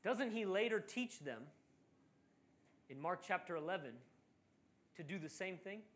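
A man preaching a sermon, telling a Bible story with animated delivery and acting out the voices of the people in it. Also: high voice, a little slow, slight background noise.

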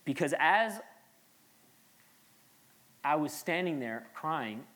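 A man's voice: fairly high pitch, lively intonation, slow pace, a bit bright. A man in his late thirties, a pastor preaching an earnest, conversational sermon with frequent restarts and asides.

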